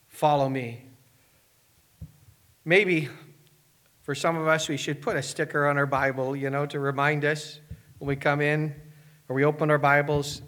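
Earnest preacher. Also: male voice, on the high side, a bit bright. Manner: rhetorical questions, earnest preaching. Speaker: pastor. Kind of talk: sermon.

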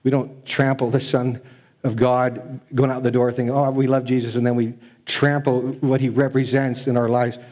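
A man's voice: medium pitch, little pitch movement, moderate pace, darkish tone. A man preaching a sermon as a pastor, earnest and pleading, often repeating his phrases. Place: church.

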